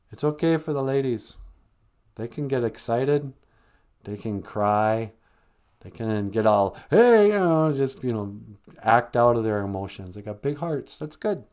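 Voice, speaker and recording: A man's voice: medium pitch, a little mellow. A man hosting a live stream, talking casually and with dry humor about emotions and spirit. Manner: wry, joking, conversational, slips into comic voices. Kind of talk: casual teaching monologue.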